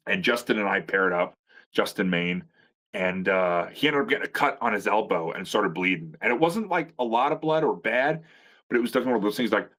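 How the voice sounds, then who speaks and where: A man's voice: on the low side, brisk, fairly bright tone. A middle-aged man, a veteran pro wrestler, telling stories in a casual chat with a profane, rambling, sarcastic manner. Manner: profane, rambling storyteller with frequent restarts; sarcastic humor.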